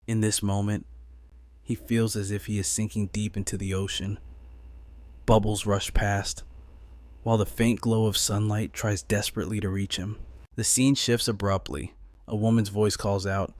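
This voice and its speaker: Low-voiced male recap narrator. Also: steady tone, no room sound. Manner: measured, dramatic storytelling. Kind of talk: dramatic manhwa recap narration.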